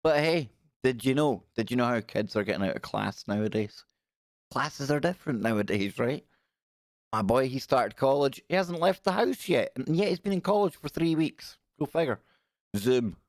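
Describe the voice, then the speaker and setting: A man's voice: medium pitch, animated, moderate pace, no room sound, studio quality. A middle-aged man hosting a casual live stream, greeting viewers by name and joking around.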